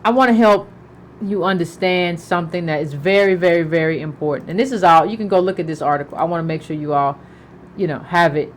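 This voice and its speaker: A woman's voice: on the low side, fairly quick, a little hiss or hum, rough recording. A middle-aged woman giving political commentary in an emphatic way, repeating herself and asking pointed questions.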